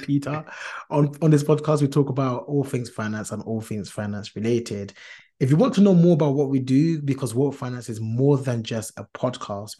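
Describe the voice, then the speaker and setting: A podcast host with a mellow, mid-range voice leads a casual chat. He's earnest and talkative, using many fillers and restarts and laughing easily.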